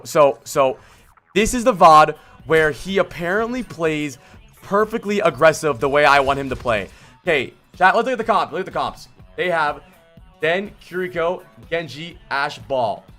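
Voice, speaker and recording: A man streaming a gameplay vod review, blunt and exasperated, swearing and yelling at the player he coaches. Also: fairly high pitch. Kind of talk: livestream game vod review.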